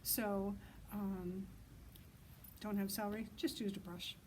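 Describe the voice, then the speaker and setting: A woman librarian leading a children's story time outdoors, reading in an animated sing-song way and hooting loudly to get kids to join in. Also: mid-range voice, slow pace, a little hiss or hum, poor audio.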